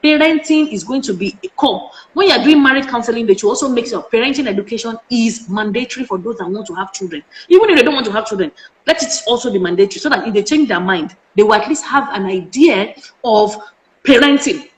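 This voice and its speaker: In an echoey room, a parenting educator, a middle-aged Nigerian woman, gives an interview with a slightly high voice, talking fast and with animation. She speaks passionately and unleashes a string of emphatic rhetorical questions.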